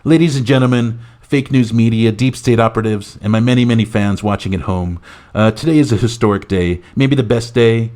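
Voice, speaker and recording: A man doing a comic impression of a boastful, rambling male president, who talks loudly and piles on superlatives. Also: medium pitch, brisk, pitched above the performer's own voice, lightly acted. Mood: bragging. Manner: loud bragging, repetitive superlatives. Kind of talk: comic impression in a podcast skit.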